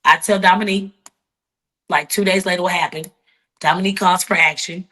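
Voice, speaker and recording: A woman being interviewed speaks in a bright, sharp voice. She is blunt and defiant, tells her story in quick bursts and restarts mid-thought. She sounds unapologetic and outspoken. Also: lowish voice, fairly even intonation. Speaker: interview guest. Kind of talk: heated interview talk.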